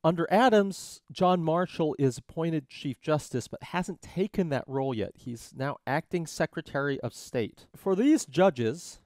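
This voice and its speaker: A man tutoring on a law case in a casual, jokey way, slipping into quick character voices. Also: a little high, lively intonation, darkish tone, no echo, clean studio sound. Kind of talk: casual explanatory lesson.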